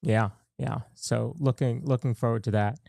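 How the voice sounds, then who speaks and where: A man's voice: medium pitch, steady tone, moderate pace, creaky, warm tone, dry recording. A man hosting a podcast, talking loosely with lots of fillers in casual chat. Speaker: podcast host.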